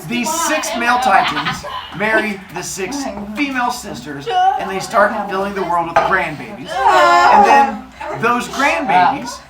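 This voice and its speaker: A woman's voice: on the high side, big pitch swings, unhurried. A woman telling a myth as a comic story to a live audience, casual and chatty with jokey asides. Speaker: storyteller speaker. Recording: live room with audience noise.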